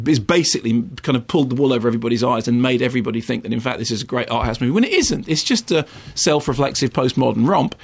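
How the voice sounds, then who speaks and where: Middle-aged British male film critic, quick, slightly high, ranting with asides. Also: slightly rough. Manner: rambling, ranting, full of asides and restarts. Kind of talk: animated radio film review.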